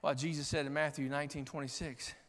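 High, bright-voiced preacher in a reverberant sanctuary. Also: male voice, flat delivery, fast talker. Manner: impassioned preaching, swinging from quiet asides to shouted climaxes. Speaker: pastor. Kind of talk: sermon. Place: large church sanctuary. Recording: long hall reverb in a church sanctuary.

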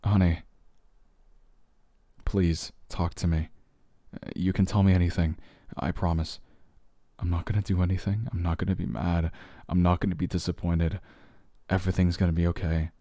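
A man in a whispered role-play as a comforting boyfriend, speaking softly and gently, with hesitant fillers, quiet sighs and slow, soothing phrasing. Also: sits low, flat delivery, no room sound, studio quality. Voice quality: soft, gentle and reassuring, with sighs and quiet laughs.

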